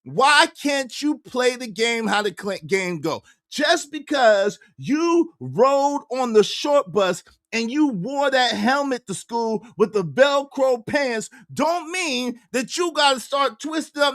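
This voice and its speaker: A man hosting a livestream podcast, ranting in a repetitive, animated way and calling out his critics. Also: very high-pitched, slow, few pauses, no echo, clean studio sound. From New York. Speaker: podcast host.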